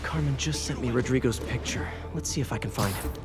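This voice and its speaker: A man's voice: mid-range voice, lightly acted. An actor playing a young masked superhero who jokes as he works, in a video game. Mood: focused. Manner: quick, wisecracking. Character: young male masked superhero, joking and upbeat. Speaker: game character. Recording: game audio under loud music.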